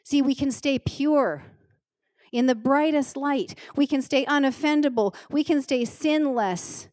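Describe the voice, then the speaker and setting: A middle-aged woman pastor preaching a sermon in an earnest, emotional way, slowing down to stress key words. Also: high-pitched, a little mellow, no room sound, clean studio sound. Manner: earnest, emotional, slows down for emphasis. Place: church stage.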